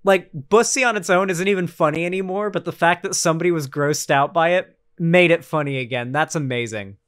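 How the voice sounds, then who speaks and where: A man's voice: fairly high pitch, a little fast, a bit bright, clear, resonant tone. A man streaming casual political commentary, rambling and sarcastic, with lots of fillers and restarts.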